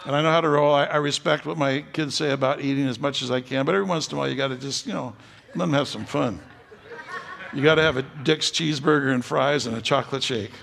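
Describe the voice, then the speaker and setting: An older man preaching a sermon as pastor, folksy and joking, building to loud emphatic stretches. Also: mid-range voice, steady tone, fast, vocal fry. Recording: long hall reverb.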